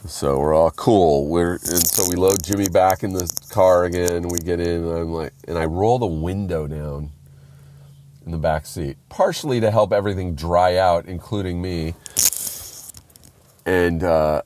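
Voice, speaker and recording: A man telling a rambling story in a casual, heavily profane and animated way. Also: low voice, unhurried, slight background noise.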